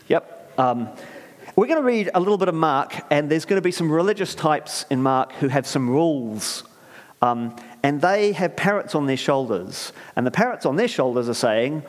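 A man's voice: on the high side, animated, moderate pace. A man preaching a conversational sermon in a church, rambling and chatty, often asking the congregation questions. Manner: rambling, chatty, many fillers and restarts, asks the audience questions. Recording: reverberant church hall.

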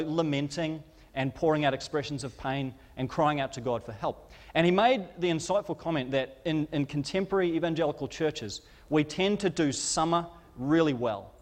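A man preaching a sermon, impassioned, acting out quoted cries to God with rising urgency. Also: a little high. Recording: long hall reverb.

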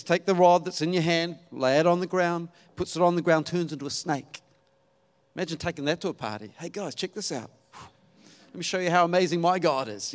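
A man preaching a sermon, telling the story in a lively way and acting out the quotes. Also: fairly high pitch. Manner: animated storytelling with acted-out quotes and laughs.

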